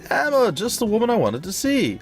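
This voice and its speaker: A man voicing an excitable, pun-loving female companion in a high, gushing voice. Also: brisk, exaggerated voice.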